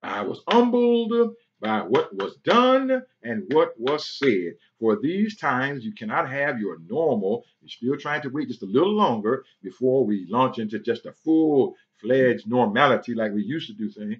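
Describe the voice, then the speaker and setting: A man's voice: medium pitch, sing-song, unhurried. A male pastor runs through church announcements, dropping an amen or a praise the Lord after nearly every phrase. The sound is dull and lo-fi, like an online service stream. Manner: punctuates with frequent amens and praise the Lords; breaks into singing.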